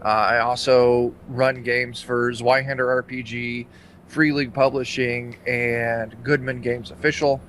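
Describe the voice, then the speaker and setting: Bright-voiced joking man at a game table. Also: medium pitch, little pitch movement, measured pace, slight background noise. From Kansas, United States. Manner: self-deprecating, joking. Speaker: player. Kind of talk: casual chat.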